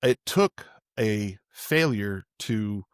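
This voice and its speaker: A podcast host tells a personal story in a candid, rambling way, often restarting his sentences. His voice is lowish and expressive, extremely slow and smooth. The studio-quality recording is dry.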